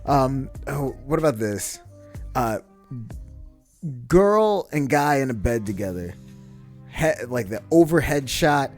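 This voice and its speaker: A man co-hosting a casual podcast guessing game, animated and laughing often as he acts out movie lines. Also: mid-range voice, slow pace, long pauses, soft background music. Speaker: podcast co-host.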